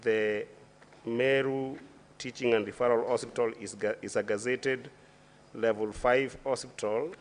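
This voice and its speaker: A man with a Kenyan accent, a senator questioning a witness at a formal hearing, speaking deliberately with many fillers and restarts in a senate chamber. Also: medium pitch, fairly even intonation, slight background noise.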